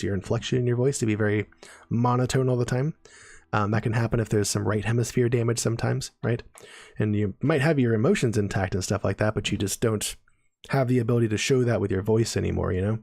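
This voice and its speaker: A man's voice: mid-range voice, darkish tone, no room sound. A man giving a casual live-stream neuroscience lesson, explaining terms and checking in with viewers as he goes. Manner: chatty, explains terms with frequent "right?" and "okay?" check-ins.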